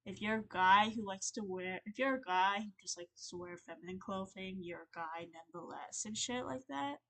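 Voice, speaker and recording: A young woman on a livestream, venting in a rambling, halting, earnest way, full of fillers and restarts. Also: mid-range voice, fairly bright tone. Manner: earnest and emotional. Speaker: streamer.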